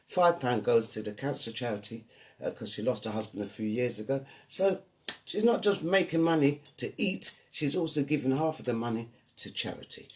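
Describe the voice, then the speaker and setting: A man's voice: medium pitch, normal speed. A man hosting a live online show, playfully greeting viewers from the chat by name. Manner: lively, playful, shouting out names one after another. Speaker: host.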